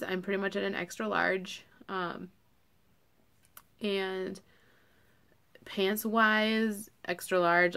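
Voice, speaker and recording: A woman's voice: mid-range voice, fairly bright tone, smooth. A young woman talking casually to camera as a vlogger, chatty and full of fillers.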